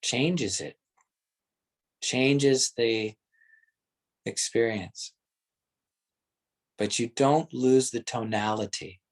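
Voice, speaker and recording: Gentle man guiding a meditation. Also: mid-range voice. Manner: slow, gentle, searching phrasing with frequent laughter. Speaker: meditation teacher. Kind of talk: guided meditation instruction.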